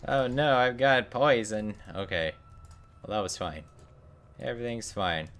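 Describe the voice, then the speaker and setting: A man's voice: lowish voice, unhurried, fairly bright tone. A man streaming a game, commenting in a casual, wry and joking way.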